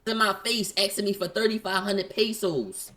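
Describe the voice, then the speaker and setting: Animated man retelling a run-in. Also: high voice. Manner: retells a dispute, acting out both sides in quick quotes. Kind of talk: animated casual storytelling.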